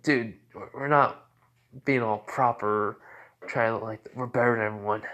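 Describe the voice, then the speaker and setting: A man's voice: medium pitch, fairly even intonation, unhurried, sharp tone. A man voicing a taunting, smug young vampire man who sneers and mocks theatrically. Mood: sneering.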